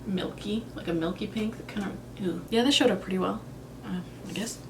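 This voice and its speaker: A woman's voice: medium pitch, brisk, gravelly, noisy background. A young woman chatting casually in a makeup review vlog, thinking aloud and second-guessing herself. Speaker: beauty vlogger.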